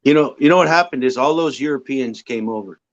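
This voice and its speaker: A man's voice: medium pitch, fairly quick, lo-fi sound. A man telling joking anecdotes in a casual group chat, often repeating words as he starts. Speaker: chat participant.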